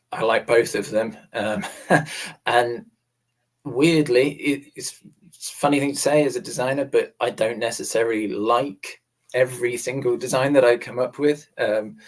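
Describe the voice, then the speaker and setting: A man chats casually as a guest on a live stream, relaxed and quick to laugh. He pauses and restarts as he gathers his thoughts. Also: mid-range voice. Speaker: book cover designer, guest. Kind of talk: casual conversation.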